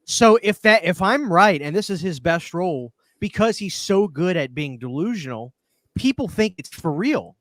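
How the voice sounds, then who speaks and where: A man hosting a casual podcast, telling stories in an animated way, laughing often and repeating words as he builds up to the punchline. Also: high voice, moderate pace, no echo. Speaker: podcast host. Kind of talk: casual chat. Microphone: studio microphone.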